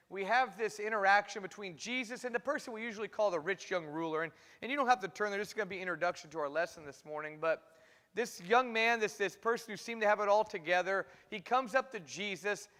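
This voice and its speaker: A man preaching a morning sermon, retelling a Bible story in a lively way and acting out the quoted speakers. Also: high voice, brisk. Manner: storytelling, acts out quoted voices. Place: church sanctuary. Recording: long hall reverb.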